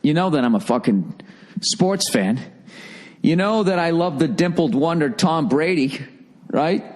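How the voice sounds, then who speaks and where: A man's voice: fairly high pitch, lively intonation. A man telling a profane, exasperated comedic story. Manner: profane, exasperated, rapid asides.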